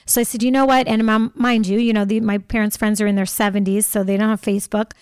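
A talkative woman guest telling stories in a casual interview, speaking in quick animated bursts. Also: medium pitch, smooth, dry recording, studio quality. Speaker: podcast guest.

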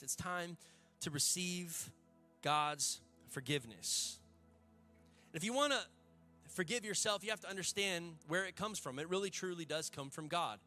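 A man's voice: a little high, bright, forceful tone. A male pastor, preaching a sermon to a church congregation in a fervent, conversational way with folksy asides.

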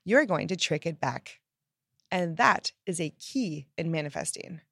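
A woman giving an upbeat motivational self-help talk, emphatic and lively, acting out the phrases she quotes. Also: fairly low pitch, a little slow, dry recording, clean studio sound. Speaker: self-help podcast host.

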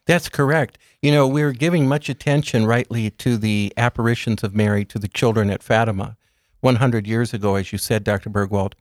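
Measured man explaining gently. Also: lowish voice, steady tone, no room sound, clean studio sound. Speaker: guest speaker on religious topics. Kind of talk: calm explanatory interview talk.

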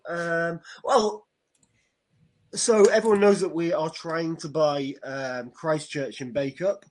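A man's voice: a little high, normal speed. A man on a casual podcast, rambling easily and thinking aloud. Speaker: podcast co-host. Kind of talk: casual chat.

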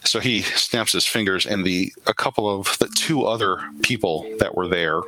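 A man narrating as game master of a tabletop role-playing game, in a relaxed, rambling way. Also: low-pitched, normal speed, low-quality recording. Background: background music.

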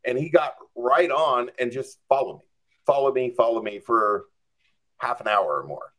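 Speaking at normal speed in a medium, slightly bright voice, a man tells a casual story as a podcast guest. He acts out his own reactions and leans heavily on "like" and "I'm just like."

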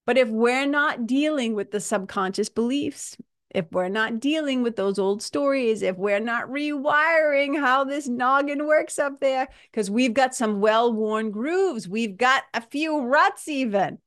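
A woman's voice: high voice, a little slow, fairly bright tone. A woman hosting a self-help show, talking animatedly, laughing often and restarting her sentences. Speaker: podcast host. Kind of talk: self-help talk monologue.

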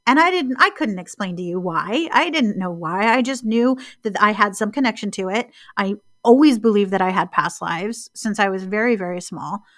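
A woman co-hosting a casual podcast, talking in a reflective, storytelling way and slowing down on key words. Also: mid-range voice, fairly bright tone, dry recording, studio quality. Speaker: podcast co-host.

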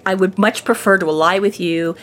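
A woman voicing a young woman who is sweet on the surface but coolly manipulative, bargaining in a calm, matter-of-fact way. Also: mid-range voice, fairly quick, close to an everyday voice.

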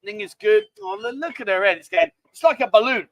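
A man's voice: sits high, expressive, fairly quick, no room sound. A middle-aged man with a London accent hosting a live stream, chatty, jokey and rambling. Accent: London English. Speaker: livestream host. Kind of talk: casual chat.

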